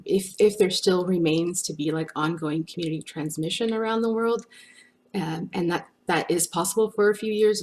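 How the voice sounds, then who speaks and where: Woman with a low voice, answering questions, lots of ums and restarts. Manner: hesitant, many restarts and fillers. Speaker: research guest speaker. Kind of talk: webinar Q&A answers.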